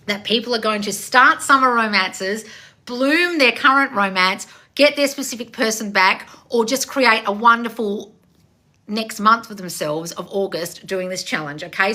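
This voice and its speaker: A woman manifestation coach on a live stream, loud and passionate, blunt and confrontational, swearing freely and calling listeners darling. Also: fairly high pitch. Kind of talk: live-streamed coaching with read-out viewer questions.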